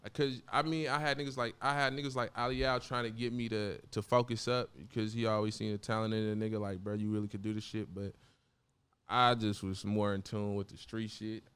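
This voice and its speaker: A man's voice: fairly low pitch, flat delivery, fairly quick, a bit bright, clear, resonant tone. A man from Oakland, a rapper guest in a casual studio interview, talking in thick slang, laughing often and restarting his sentences. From Oakland, California. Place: podcast studio.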